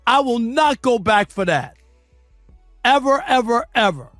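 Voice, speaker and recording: Male radio host, high voice, dry studio sound, indignant and shouting. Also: lively intonation, measured pace, dry recording, soft background music. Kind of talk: opinionated sports radio rant.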